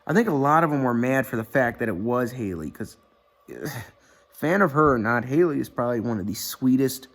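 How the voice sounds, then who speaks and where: A young-sounding man with a mid-range voice rambles to the camera in a vlog, recorded indoors at home on a webcam or computer mic. His commentary is casual and profane, full of fillers and restarts.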